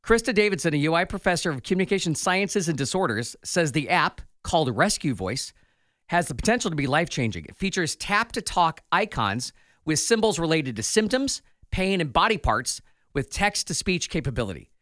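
A man's voice: on the high side, brisk, no room sound, studio quality. A man co-hosting a morning radio show, reading quirky news and chatting playfully with his co-host. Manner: playful, animated delivery. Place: radio studio.

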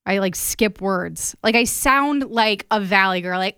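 A woman's voice: mid-range voice, a little slow, fairly bright tone, clear, resonant tone, dry recording, clean studio sound. A young woman in her twenties co-hosting a radio show, chatting casually and poking fun at herself. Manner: self-deprecating, chatty. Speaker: radio co-host.

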